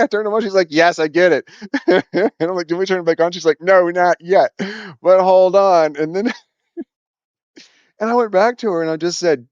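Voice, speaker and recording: A man's voice: a little high, expressive, fairly quick, clean tone, dry recording, lo-fi sound. A man telling a workplace story in a casual monologue, swearing freely, laughing often and acting out the voices of the people in it.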